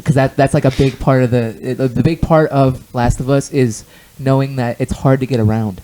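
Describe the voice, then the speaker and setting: A man's voice: mid-range voice, fairly even intonation, normal speed, warm tone, a little hiss or hum, poor audio. A man co-hosting a casual podcast chat, blunt and opinionated, swearing freely and repeating himself. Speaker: podcast co-host.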